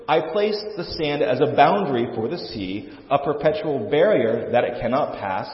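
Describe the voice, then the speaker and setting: A man's voice: mid-range voice, big pitch swings, normal speed. A male pastor preaching a sermon in an earnest way, often restarting and repeating words. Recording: echoey hall, dull lo-fi sound.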